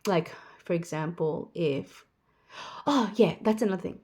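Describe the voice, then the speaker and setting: Speaking a little slowly, this woman has a dark tone that sits on the low side. She's a thirtysomething vlogger in casual, rambling conversation with her audience, mimicking the voices of others as she goes.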